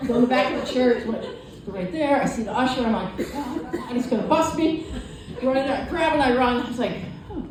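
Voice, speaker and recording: A woman doing a stand-up comedy set, telling stories with animated voiced asides. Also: on the high side, quick pace. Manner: animated storytelling with voiced asides and crowd laughter. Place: comedy club stage. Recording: echoey live venue from far off, audience laughter. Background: audience laughing.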